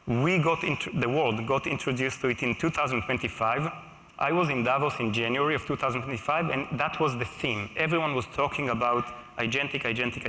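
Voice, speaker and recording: A man delivering a conference keynote in a conversational way, now and then checking in with the crowd. His voice is bright and forward, and it carries a long, roomy echo from a big hall. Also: mid-range voice. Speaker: keynote speaker. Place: stage at a large live conference. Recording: echoey large hall.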